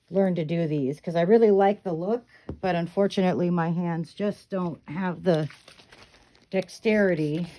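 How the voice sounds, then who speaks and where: Mellow-voiced woman chatting through a tutorial. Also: lowish voice. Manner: chatty, instructive, repeats steps with "okay". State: hiccups. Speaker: reborn doll hair tutorial host. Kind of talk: casual step-by-step tutorial.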